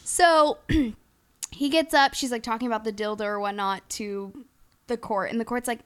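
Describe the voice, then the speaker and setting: A young woman co-hosting a podcast, her voice sitting a little high. She tells a crude story in casual chat, animated and laughing as she goes. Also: moderate pace, clean tone. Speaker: podcast co-host.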